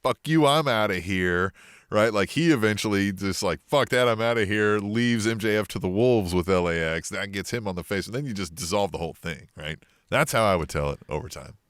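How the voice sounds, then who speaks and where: A low-voiced man talks as a podcast co-host in loose, animated chat, swearing freely and checking in with "right?" His voice is smooth and resonant. The recording is dry and close, with no room sound. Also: a little fast, few pauses, no room sound. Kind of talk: casual chat.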